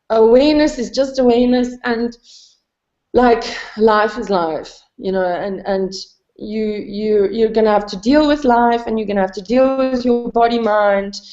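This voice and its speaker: Rambling woman in an echoey room. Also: a little mellow. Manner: rambling, many fillers; self-deprecating, laughs often. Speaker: satsang participant. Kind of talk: candid spiritual conversation. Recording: dull, roomy, low-fidelity.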